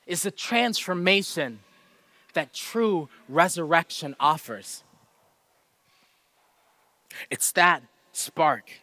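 A man preaching a casual, earnest sermon, moving between forceful emphasis and quiet, self-deprecating asides. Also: on the high side, no room sound. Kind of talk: conversational sermon.

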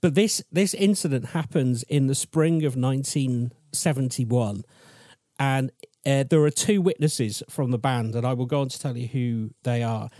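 A man's voice: medium pitch, normal speed, warm tone, dry recording, studio quality. A man co-hosting a podcast, telling a story in a chatty, rambling, self-deprecating way. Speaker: podcast co-host presenting the story. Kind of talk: casual storytelling chat.

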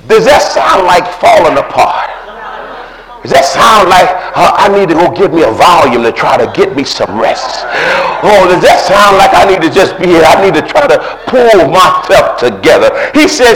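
A pastor preaching a sermon with impassioned, shouting delivery. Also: male voice, sits high, very animated, moderate pace, a crowd in the background. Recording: echoey room.

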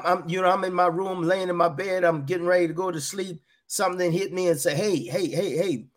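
A middle-aged man whose voice sits high and a bit bright shares an earnest testimony as a guest on a podcast. Repetition runs through his speech, and he quotes voices in dialogue.

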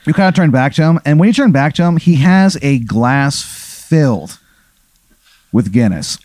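Animated young man telling a comic scenario. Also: fairly high pitch, moderate pace, no room sound. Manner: casual, swears a lot, animated retelling. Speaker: game master. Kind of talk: improvised comedic storytelling.

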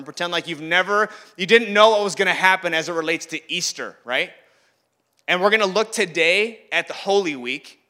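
A man giving a sermon in a conversational way, acting out the voices he quotes and swinging from loud to hushed. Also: fairly high pitch. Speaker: pastor.

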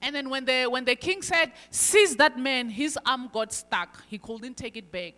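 A woman's voice: high-pitched, animated, moderate pace. Emphatic woman preacher. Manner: emphatic, swinging between loud stresses and quiet asides. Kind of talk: sermon. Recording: long hall reverb.

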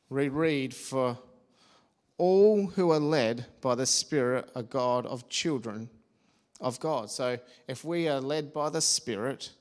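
A man preaching a sermon, earnest and personal, with homely asides and the odd restart. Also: medium pitch.

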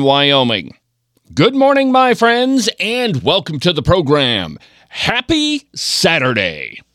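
A man's voice: fairly high pitch, a bit bright, dry recording, studio quality. Mock-pompous man hosting a podcast. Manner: grandiloquent, mock-pompous showman. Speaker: podcast host. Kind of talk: political podcast opening monologue. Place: radio studio.

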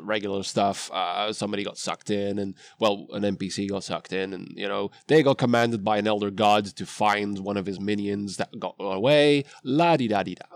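A man's voice: on the low side, moderate pace, few pauses, no echo. A man telling a story about his tabletop game in casual podcast chat, rambling and often breaking off mid-sentence. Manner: rambling, self-interrupting storyteller. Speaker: game master.

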